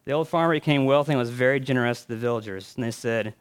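A man preaching a sermon as a pastor. He tells a story with building phrases and hushed endings, then reflects with pauses and fillers. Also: mid-range voice, clean tone.

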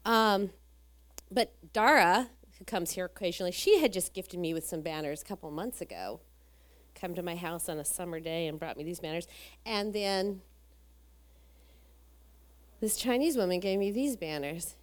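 A woman's voice: on the low side, expressive, normal speed, long pauses. A woman telling a church story to a congregation, rambling, with many restarts and fillers. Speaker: guest speaker in church. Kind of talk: testimony storytelling.

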